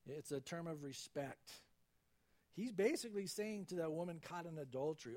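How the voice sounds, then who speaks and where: Man, pastor, high voice, conversational sermon, acts out quoted voices. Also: animated, normal speed, darkish tone.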